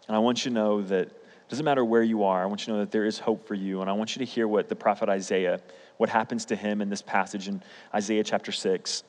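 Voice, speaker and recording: A man's voice: on the low side, fairly even intonation, fast, a little mellow. A young man preaching a sermon, telling personal stories in a casual, emphatic way. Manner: storytelling, conversational, emphatic. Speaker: pastor. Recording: hall reverb.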